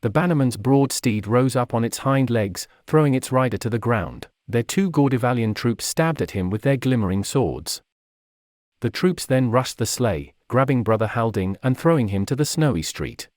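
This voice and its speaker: A man reading a fantasy story aloud in a steady, measured way. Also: medium pitch, dry recording, clean studio sound. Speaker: narrator. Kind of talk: storybook narration.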